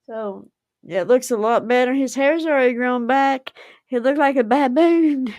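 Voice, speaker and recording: A woman's voice: high-pitched, moderate pace, darkish tone, no echo, clean studio sound. A woman, chatting casually with viewers on a livestream and rambling on in her dialect. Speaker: livestream host.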